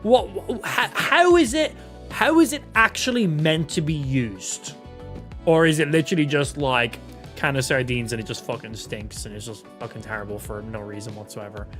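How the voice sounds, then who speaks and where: Young irish guy live streaming, chatty and sweary, quiet music behind. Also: mid-range voice, moderate pace. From Ireland. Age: 20s. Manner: chatty, swearing, reacting to chat. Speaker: gaming streamer. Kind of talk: casual live-stream chat.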